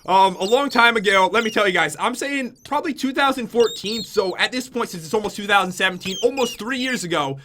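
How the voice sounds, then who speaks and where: A man's voice: high voice, fairly quick, few pauses, bright, forceful tone, a little hiss or hum. A young man from Connecticut chatting to his viewers in a self-mocking YouTube vlog. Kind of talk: casual vlog confession.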